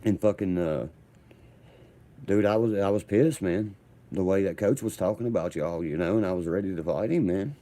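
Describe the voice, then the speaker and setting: A man's voice: low-pitched, normal speed, warm tone. A man telling a heated, profane story in a rambling, combative way. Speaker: vlogger.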